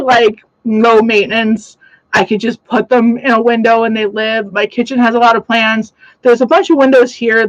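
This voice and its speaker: Chatty young woman, slightly high voice. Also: dry recording, rough recording. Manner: chatty and rambling, many "like" fillers, laughs often. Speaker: host. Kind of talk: casual livestream chat. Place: home room full of plants.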